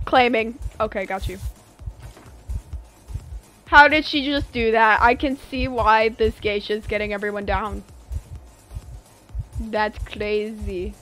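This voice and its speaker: A woman's voice: fairly high pitch, slow pace, long pauses, faint music behind, rough recording. A young woman streaming a video game live, chatting with viewers and breaking into exasperated outbursts as she plays. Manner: expressive, exasperated outbursts while playing. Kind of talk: casual live game commentary.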